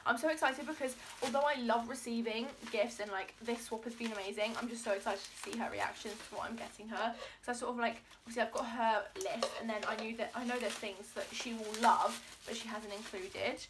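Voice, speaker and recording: A young woman hosting an excited beauty unboxing vlog, gasping and gushing as she talks. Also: a little high, brisk, few pauses, noisy background. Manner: gushing, gasping, lots of "oh my god". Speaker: beauty vlogger.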